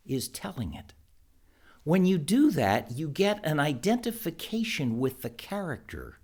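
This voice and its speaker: A middle-aged man giving thoughtful, unhurried advice to preachers, pausing often with ums and restarts. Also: mid-range voice, darkish tone. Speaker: preaching teacher. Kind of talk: instructional talk to preachers.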